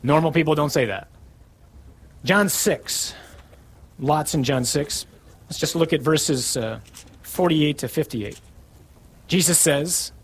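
A man preaching a sermon, reading scripture with rising emphasis and dropping low for key lines. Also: lively intonation, a little slow, slightly rough, low-quality recording.

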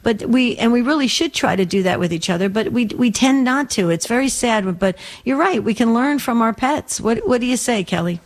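Woman, radio co-host, gentle, sympathetic, conversational. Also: a little high, expressive, brisk, hardly any pauses. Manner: gentle, sympathetic, restarts phrases. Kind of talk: warm call-in radio chat.

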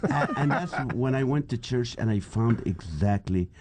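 A man's voice: mid-range voice, normal speed, background noise. A man from the Middle East in his fifties, a comedian guest telling stories in a casual interview and acting out the voices of the people in them. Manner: animated storyteller, acts out quoted voices.

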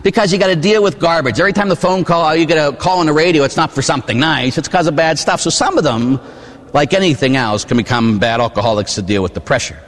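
A priest in his forties from Pittsburgh, preaching a sermon with animated storytelling and asides to the congregation. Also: fairly high pitch, quick pace, big-room sound. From Pittsburgh, USA. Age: 40s. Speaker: Catholic priest. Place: church.

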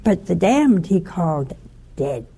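An older woman preaches and tells stories in a lively way, acting out the people she talks about. Her voice is gravelly and husky, with a dark, mellow tone. She speaks as a religious speaker addressing listeners. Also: fairly low pitch, takes it slowly. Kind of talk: sermon-style storytelling talk.

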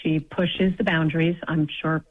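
A woman's voice: low-pitched, little pitch movement, moderate pace. A woman calling in to a radio advice show, speaking hesitantly with many ums and light laughs. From New York. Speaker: caller. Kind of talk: phone-in conversation. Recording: dull phone line.

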